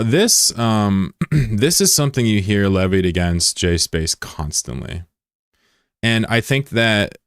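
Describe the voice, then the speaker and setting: A deep-voiced man streams live, chatting casually with his viewers in a rambling, self-deprecating way and reading the chat aloud. He uses a broadcast mic with a voice filter, and the recording is dry and studio quality.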